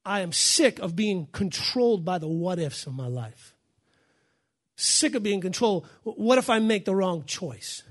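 A man preaching a sermon as pastor, fiery and emphatic, shouting and repeating his phrases in a church. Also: high-pitched, sing-song, unhurried.

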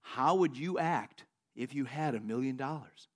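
The Lord, calm and patient, asking his question in a slow, measured way. A preacher puts on this voice, a touch lower than his own. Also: natural voice.

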